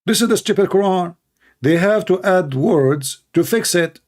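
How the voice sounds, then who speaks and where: A man's voice: high-pitched, expressive, a little slow, a little mellow. A man hosting a call-in show, talking in a sarcastic, scornful monologue with broken grammar and rhetorical questions. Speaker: show host taking calls. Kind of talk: mocking monologue commentary.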